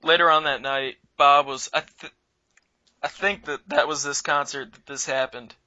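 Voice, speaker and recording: A man's voice: on the high side, normal speed, no echo, muffled recording. A man co-hosting a comedy talk show, telling stories casually and acting out the people in them. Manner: animated storyteller who acts out the people in his stories.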